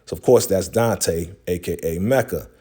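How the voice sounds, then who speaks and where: A man's voice: sits low, moderate pace, mellow, slightly rough. A man casually recapping a TV episode as host, in a slangy, laid-back retelling with lots of fillers.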